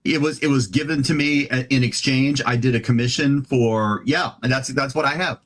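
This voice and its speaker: A middle-aged man chatting casually on a live stream, halting with frequent restarts, speaking into a desk-mounted USB microphone. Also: medium pitch.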